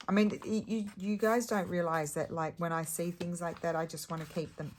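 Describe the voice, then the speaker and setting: Low-voiced woman chatting through a craft project. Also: fairly even intonation, moderate pace, slight background noise. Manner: chatty, thinks aloud while working, trails off and restarts. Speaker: crafting vlogger. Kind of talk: casual craft tutorial chat.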